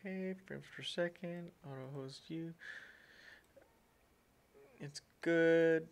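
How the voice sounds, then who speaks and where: A man's voice: a little high, slow, gravelly. A man hosting a casual tech-tips livestream, rambling and repeating himself, often calling his viewers "guys". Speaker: livestream host.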